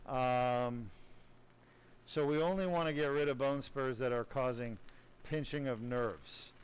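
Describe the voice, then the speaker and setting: A middle-aged man talks viewers through a live spine operation. His voice is smooth and clear at an ordinary middle pitch. He sounds blunt and opinionated, with joking asides to the audience. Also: a little slow, low-quality recording. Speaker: spine surgeon. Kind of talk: live-streamed surgery commentary.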